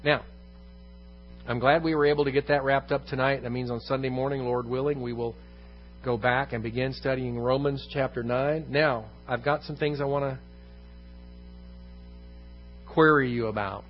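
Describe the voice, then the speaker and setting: A man's voice: mid-range voice, steady tone, normal speed, long pauses, lo-fi sound, faint music behind. Emphatic male pastor teaching a room. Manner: emphatic, repeats key phrases, asks the room questions. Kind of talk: evening Bible teaching in a church. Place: church room.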